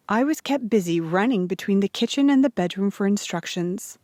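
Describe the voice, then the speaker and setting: A woman's voice: mid-range voice, animated, a little fast, hardly any pauses, darkish tone, no room sound, studio quality. Woman reading a children's story. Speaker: audiobook reader.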